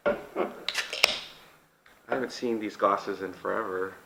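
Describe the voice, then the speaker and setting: A man's voice: fairly low pitch, fairly even intonation, takes it slowly, gravelly, roomy sound, heavy background noise. A man hosting a casual mukbang vlog, chatty and upbeat, talking over takeout at a table indoors. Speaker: vlog host.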